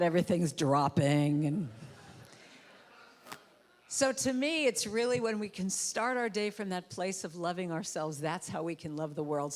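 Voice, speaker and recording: A woman gives an inspirational talk from a church stage. She speaks playfully and slips into high, comic voices to act out what people say. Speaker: guest speaker and musician. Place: church sanctuary. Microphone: handheld or headset mic with trouble.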